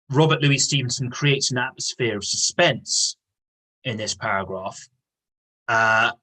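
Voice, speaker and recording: Husky-voiced male English teacher. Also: medium pitch, pushed and bright, low-quality recording. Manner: patient, explanatory, repeats key words. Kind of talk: online lesson with reading aloud.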